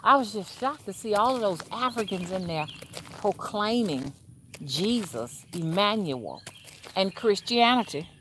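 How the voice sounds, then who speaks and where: A woman's voice: mid-range voice, animated, measured pace, fairly bright tone, a little hiss or hum. A woman rootworker hosting a casual livestream, chatting to viewers as y'all and reading their comments aloud, rambling with restarts. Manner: rambling with frequent restarts and fillers.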